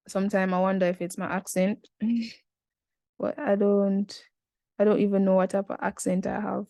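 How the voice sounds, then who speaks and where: A woman's voice: medium pitch, flat delivery, takes it slowly, long pauses, warm tone, dry recording, studio quality. A Jamaican woman in her twenties, talking through an essay in a casual, chatty tutorial with slangy asides. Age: 20s.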